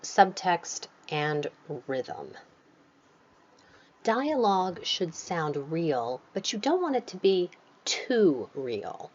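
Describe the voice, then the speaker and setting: A woman's voice: low voice, muffled recording. A woman author giving a conversational lecture on writing, with ums and restarts. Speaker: author teaching a writing workshop.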